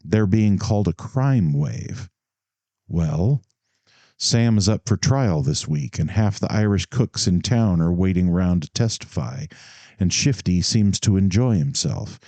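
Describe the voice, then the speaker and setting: A man's voice: low voice, lively intonation, a little slow, mellow, dry recording. A man voicing a shrewd, cheery, street-smart office boy who talks in eager slang. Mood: cautious.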